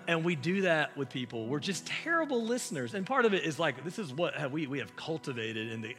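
A man preaching a sermon as pastor, impassioned, swinging from loud emphasis to hushed asides. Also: medium pitch.

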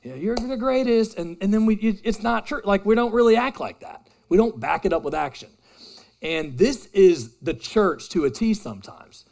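A man's voice: high voice, expressive, normal speed, creaky, a little mellow. A man in his thirties preaching a sermon to a live congregation, casual and self-deprecating, talking directly with the room. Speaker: pastor. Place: church hall with a live congregation.

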